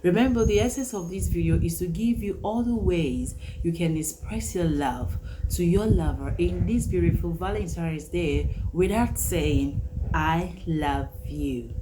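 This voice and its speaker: A woman with a fairly low voice teaching English at a very unhurried pace. She says each phrase again and again with emphasis. A faint hiss sits under the recording. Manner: repeats phrases slowly with emphasis. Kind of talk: English vocabulary lesson.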